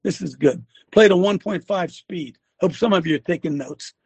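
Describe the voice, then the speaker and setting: An older man hosting a talk show as a former coach, venting and scolding his audience with bursts of shouting. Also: sits high, normal speed, slightly rough. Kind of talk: ranting commentary.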